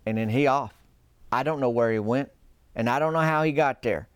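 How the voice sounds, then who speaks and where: A man's voice: medium pitch, moderate pace, clear, resonant tone, no room sound, studio quality. A man telling a comic story in a folksy, rambling, drawling way. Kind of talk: comedic storytelling.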